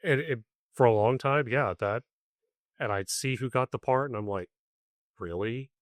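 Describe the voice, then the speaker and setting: A man's voice: mid-range voice, normal speed, no room sound, clean studio sound. A man hosting a theatre podcast, speaking in a supportive, reflective way. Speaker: podcast host. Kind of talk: podcast interview chat.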